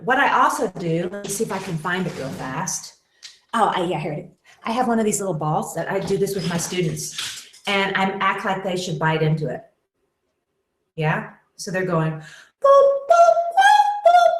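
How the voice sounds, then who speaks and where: A woman's voice: mid-range voice, lively intonation, normal speed, a little hiss or hum. A woman teaching a singing lesson in a webinar, explaining exercises and demonstrating with short sung syllables. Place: room with echo. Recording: roomy echo.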